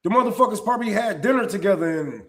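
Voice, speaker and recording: A man with a high, light voice hosts a live-stream commentary. He talks in a blunt, profane and heated way and trips over restarts, and his voice rings around a roomy, echoing space. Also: expressive, fast talker, a bit bright.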